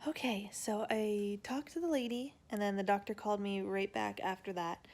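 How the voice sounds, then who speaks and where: A woman's voice: mid-range voice, lively intonation, moderate pace, a little mellow. A young woman chatting casually at home in her family vlog, rambling with fillers and little laughs. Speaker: vlogger mom.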